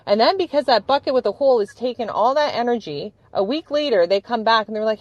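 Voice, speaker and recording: A woman hosts a conversational interview with bright enthusiasm, cheering on what her guest says. Her voice sits on the higher side, and it comes through dry and a little muffled, like lo-fi video-call audio. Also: animated, brisk, hardly any pauses, dry recording. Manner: enthusiastic, affirming, laughs easily. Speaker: host.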